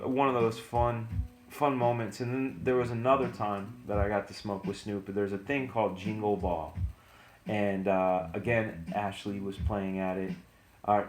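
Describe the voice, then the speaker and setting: A middle-aged man, a comic artist, telling stories in a relaxed, chatty way on a live stream. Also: fairly low pitch. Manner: relaxed, chatty, lots of fillers and laughs. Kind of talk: casual storytelling on a live stream. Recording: roomy room, faint music.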